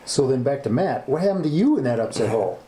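A man hosts a relaxed chat and asks the guides about the trip. His voice is mid-pitched and mellow, and the room is echoey with faint noise. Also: quick pace. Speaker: interviewer. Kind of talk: casual interview questions.

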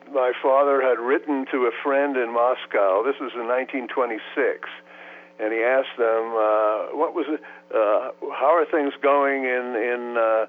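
A man in his eighties from the United States, recalling his life in an oral history interview, hesitant with many fillers and restarts. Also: medium pitch. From United States (Los Angeles, raised in New York City). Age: 80s. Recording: tinny phone line.

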